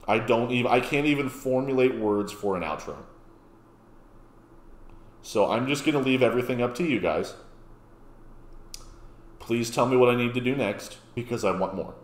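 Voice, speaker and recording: A man hosting a casual reaction video, excitable and often stammering and restarting mid-sentence. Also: medium pitch. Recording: echoey room.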